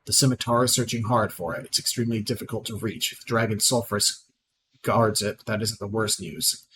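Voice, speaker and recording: A man reading out the lines of a proud, scornful female sorceress in a video game, plainly and with small slips, over clear background noise. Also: lowish voice, a little fast, close to an everyday voice.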